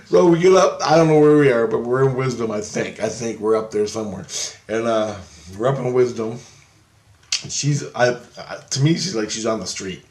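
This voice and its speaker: A man telling a rambling personal story, swearing freely and getting excited. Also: medium pitch, normal speed, echoey room. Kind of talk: casual anecdote.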